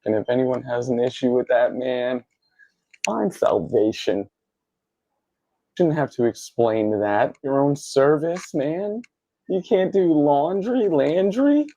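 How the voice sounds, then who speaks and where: A man playing a gruff, grumbling, profane character in a comedy sketch clip. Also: medium pitch, expressive, slow pace, warm tone, dry recording, rough recording.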